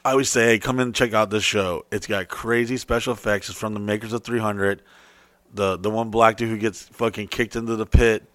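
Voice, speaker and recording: A man's voice: on the low side, steady tone, a little fast, fairly bright tone, dry recording. A man co-hosting a casual podcast, talking in a profane, emphatic way and getting fired up. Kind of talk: casual crude chat.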